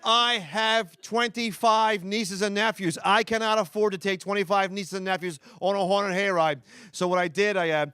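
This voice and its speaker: A man with a Philadelphia accent doing a stand-up comedy set before a live audience, talking fast and rambling with restarts and asides to the crowd. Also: high voice, steady tone, pushed and bright, smooth, dry recording, clean studio sound.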